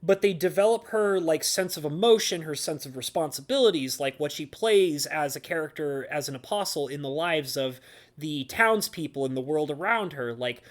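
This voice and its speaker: A man's voice: a little high, animated, moderate pace. Male anime reviewer, casual and rambling, gushing with filler words. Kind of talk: casual talk to camera.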